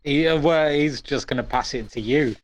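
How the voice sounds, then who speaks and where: A man's voice: medium pitch, normal speed. A man taking part as a player in a tabletop role-playing game, hesitant and often laughing. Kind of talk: casual role-play chat.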